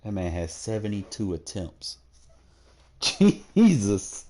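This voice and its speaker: A man's voice: fairly low pitch, moderate pace, mellow. A young man casually talking through his football video game stats, laid-back and slangy, often thinking aloud. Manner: laid-back, slangy, talks to himself while checking stats. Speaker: gaming streamer. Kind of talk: casual gameplay commentary.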